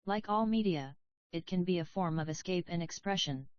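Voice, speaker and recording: A woman's voice: lowish voice, normal speed, no room sound, lightly acted. A woman voicing an earnest, thoughtful cubehead heroine in a storybook reading, on a dull, dry lo-fi recording. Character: soft-spoken blue cubehead heroine, young woman, earnest.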